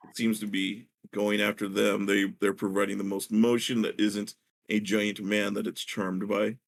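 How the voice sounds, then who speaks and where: A man narrating as dungeon master of a tabletop game, halting with many filler pauses. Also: lowish voice, little pitch movement, creaky.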